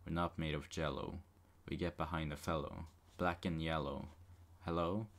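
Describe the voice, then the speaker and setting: A man reading a film script aloud as a deadpan joke, in a flat, unexpressive monotone. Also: rumbling low, moderate pace, few pauses. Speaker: script reader.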